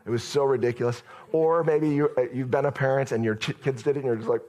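A man preaching a sermon as pastor, in an easy, conversational way. His voice sits at a middle pitch and he tells the story directly to his church. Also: steady tone, fast, darkish tone.

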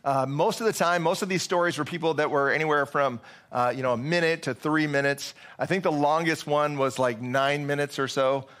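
A man's voice: fairly high pitch, fairly even intonation, fairly quick, a bit bright. Conversational male pastor giving a sermon. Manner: conversational, with frequent fillers and restarts.

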